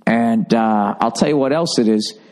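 A man's voice: mid-range voice, moderate pace, a little mellow. Profane rambling comedian, man. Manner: profane, blunt, wandering asides. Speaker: comedian podcast host. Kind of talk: casual rambling monologue.

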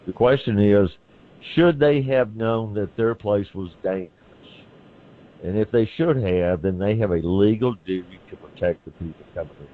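A man with a Southern accent explains legal questions in plain, folksy terms as a call-in radio guest. His voice sits very low. It comes through a thin, tinny phone line. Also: normal speed. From Tennessee. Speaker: constitutional lawyer, call-in guest.

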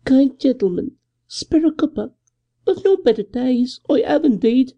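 A man's voice: very high-pitched, lively intonation, a little slow, lo-fi sound, voice pushed up, full character voice. A man voicing a ragged, thin old beggar woman who pleads for a coin in a whining voice. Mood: pleading.

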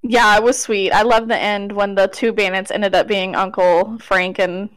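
A woman's voice: mid-range voice, fairly even intonation, moderate pace, no room sound. A woman co-hosting a podcast, joking around in playful, giggly banter. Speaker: podcast co-host. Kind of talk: casual chat.

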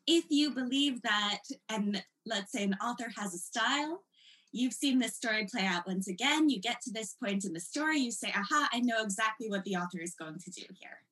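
Woman teaching a lively text lecture. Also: fairly high pitch, normal speed, poor audio. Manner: expressive text study, reading aloud with dramatic emphasis. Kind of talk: recorded lecture.

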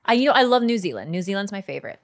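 A woman's voice: mid-range voice, expressive, racing. A woman co-hosting a podcast in casual chat, easygoing, her remarks trailing off. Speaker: podcast co-host.

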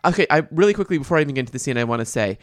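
A woman's voice: deep voice, lively intonation, rapid-fire, no echo, clean studio sound. A woman co-hosting a podcast, recapping a movie in casual, sarcastic chat and laughing often. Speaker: podcast co-host.

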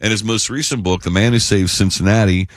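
A man's voice: fairly low pitch, steady tone, fairly quick, no echo. A man hosting a radio talk show in a studio, talking with enthusiasm and a rambling flow. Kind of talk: radio interview.

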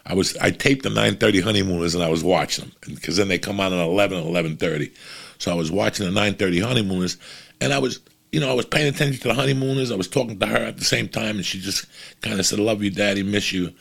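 A man's voice: lowish voice, fairly even intonation, quick pace, creaky, husky. A man, a comedian telling a long story in a profane, rambling, casual way.

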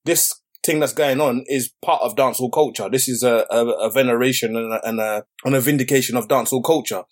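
A man co-hosting a casual podcast, animated and swearing freely, sometimes slipping into a mock-solemn recitation. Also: mid-range voice, fairly quick. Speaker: podcast co-host.

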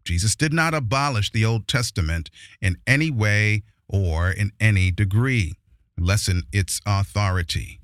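A man preaching a sermon who reads scripture slowly and with emphasis, then explains it with force. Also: lowish voice, a bit bright, dry recording, clean studio sound, faint music behind.

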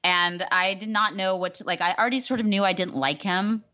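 A woman co-hosting a podcast chats casually and tells rambling stories, laughing often. Her medium-pitched voice is brisk, bright, and forceful, though the recording sounds muffled.

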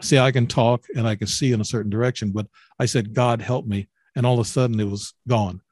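A man in his seventies from Illinois, a guest on an interview, telling his own story in a halting way with many repeated words and restarts. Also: medium pitch, steady tone, a little mellow. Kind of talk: interview, personal account.

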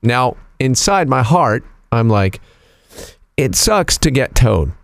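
A man hosting a radio show, telling a story in a casual, animated, teasing way. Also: mid-range voice, slow, vocal fry, no echo.

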